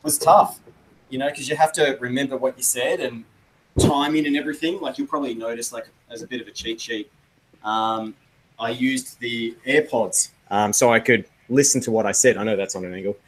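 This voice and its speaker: A man co-hosting a casual video-call chat, relaxed and rambling, laughing often. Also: medium pitch, fairly quick, slight background noise, poor audio. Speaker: podcast co-host.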